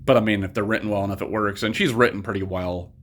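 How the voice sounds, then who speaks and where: A man's voice: lowish voice, fairly even intonation, quick pace, a bit bright, slight background noise. A young man giving a casual spoken movie review, rambling, swearing freely and drifting off on tangents. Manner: rambling, profane, goes off on tangents.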